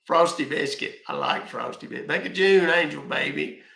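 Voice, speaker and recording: A man chatting on a live stream from home, with a gravelly, bright and forward voice. He rambles loosely, thanks viewers by name and swears casually. The sound is echoey, as if recorded in a bare room. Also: on the high side, normal speed. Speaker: live-stream scambaiter host.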